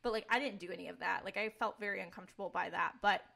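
A woman's voice: medium pitch, fairly even intonation, very fast, creaky, bright, forceful tone. A young woman, a podcast co-host, candidly telling her personal faith testimony in casual talk, earnest and peppered with "like". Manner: earnest, candid, filler-heavy with frequent "like".

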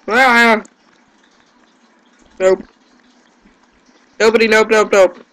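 A man's voice: high voice, unhurried, fairly bright tone, rough recording. A man giving gameplay commentary, yelping in panic and groaning at his own mistakes. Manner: panicky yelps and self-deprecating groans. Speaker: let's play gamer.

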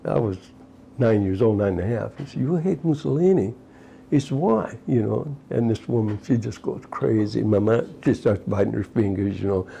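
An elderly man in his eighties tells his life story for an oral history interview, wandering from memory to memory. His voice sits low and gravelly with a dark, husky tone. He keeps dropping in little "you know" asides as he goes. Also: fairly even intonation, moderate pace, slight background noise. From United States. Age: 80s. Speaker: retired fisherman recounting his life.

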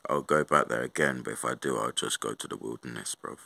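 A man's voice: a bass voice, brisk, gravelly, pushed and bright, dry recording, clean studio sound. A young man in a casual, sweary storytime rant, repeating himself and saying bruv and mate. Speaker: vlogger.

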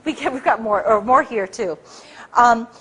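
A woman speaking at a public talk, telling an animated story with many restarts and acted-out quotes. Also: on the high side, normal speed, breathy edge.

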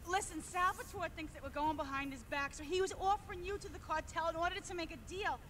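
An actress playing an anxious young woman on the run from the mob in a video game cutscene, talking fast and pleading. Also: extremely high pitch, a bit bright, slight background noise.

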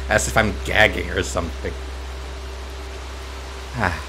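As a let's play host, a man gives playful commentary on a game, cooing softly and giggling as he speaks to the characters on screen. His voice sits low, with background noise and game music behind it.

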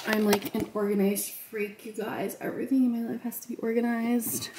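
A young lifestyle vlogger chats casually to camera, bubbly and talkative, full of "like" and "so cute." Her voice is a little high with little pitch movement at a normal speed, and the background noise is heavy.

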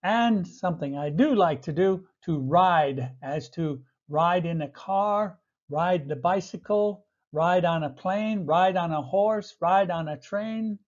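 A man teaching basic English verbs, repeating each word slowly and clearly with light chuckles. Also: high voice. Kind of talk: slow vocabulary lesson for learners. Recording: dull lo-fi audio.

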